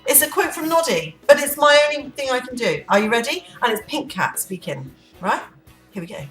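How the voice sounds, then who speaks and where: Talking fairly quickly, a vlogger rambles playfully to camera in an off-the-cuff chat at home. She has a slightly high, highly animated voice. A distant mic catches the room's echo and some faint music.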